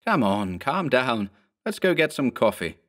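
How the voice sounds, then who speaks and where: An uncanny male clone , as a male narrator puts him on, speaking in an even, casually reassuring tone, slightly higher than a normal man's. His calm has something unsettling in it, in a horror audiobook. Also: unhurried. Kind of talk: audiobook character voice.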